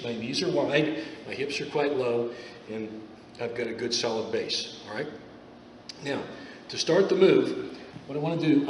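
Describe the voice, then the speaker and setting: A man coaching a grappling class on the mat, in a loose, repetitive style that keeps checking in with his students. His voice sits at an ordinary pitch. It is picked up from across an echoey gym with a long reverb tail and a faint hiss underneath. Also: distant mic. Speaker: judo instructor.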